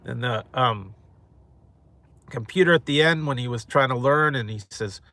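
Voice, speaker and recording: Rambling mukbang host, male, casual chat with viewers, bright tone, dry close sound. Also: mid-range voice, moderate pace, no echo. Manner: rambling, chuckling often.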